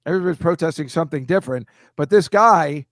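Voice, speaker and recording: A man's voice: a little high, fast, dry recording, clean studio sound. Rambling self-mocking male comedian. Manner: rambling, self-deprecating, slips into silly voices. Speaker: comedian host. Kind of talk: casual comedic chat on a video call.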